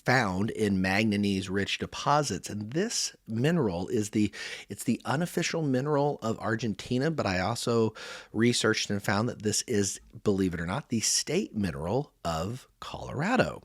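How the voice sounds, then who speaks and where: A man's voice: lowish voice, animated, moderate pace, no echo, clean studio sound. A man in his forties hosting a podcast, chatting casually and enthusiastically while reviewing a toy set. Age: 40s. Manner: chatty, rambling, enthusiastic storyteller. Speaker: podcast host. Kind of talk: casual product review chat.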